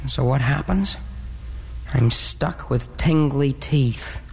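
A woman's voice: very deep voice, slow pace, gravelly, in a large hall, very noisy, heavily acted. Woman playing a theatrical, cat-hating pet dog. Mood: melodramatic. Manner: theatrical, brooding monologue. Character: dreamy, dramatic pet dog who hates cats. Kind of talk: stage musical acting.

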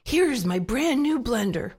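A woman's voice: on the high side, sing-song, unhurried, darkish tone, slightly rough, pitched above the performer's own voice, exaggerated voice. A woman doing a fretful tearful housewife. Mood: upset. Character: anxious middle-aged housewife, fretful and tearful.

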